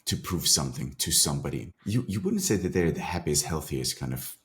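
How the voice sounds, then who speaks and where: Very deep-voiced male podcast host. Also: lively intonation, fairly quick, a bit bright. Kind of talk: interview questions.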